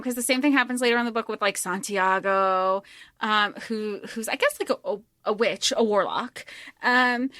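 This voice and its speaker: A woman's voice: fairly high pitch, bright, forceful tone, no echo. A woman co-hosting a podcast, talking casually and animatedly about a book, swearing freely and restarting her sentences. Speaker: podcast co-host.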